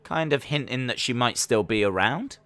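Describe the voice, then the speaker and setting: Bright-voiced man calling wrestling live. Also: normal speed. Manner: calls the action and answers chat questions between moves; breaks into high-pitched disbelief when excited. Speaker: live stream reaction host. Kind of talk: casual watch-along commentary.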